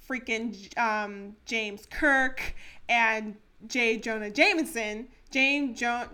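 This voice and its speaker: A woman with a fairly high voice co-hosting a casual podcast. She is playful and giggly, laughing through her own made-up tale. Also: steady tone, slow, bright, forceful tone, smooth. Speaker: podcast co-host. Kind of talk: casual chat.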